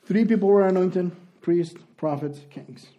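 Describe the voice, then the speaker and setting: A man's voice: high-pitched, measured pace, mellow, dull audio. A man preaching and teaching a sermon, explaining at length with frequent restarts.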